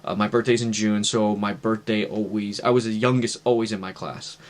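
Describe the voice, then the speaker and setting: A man's voice: fairly low pitch, steady tone, a little fast. Earnest man telling a personal story. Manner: earnest, conversational, acts out quoted dialogue. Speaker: testimony vlogger.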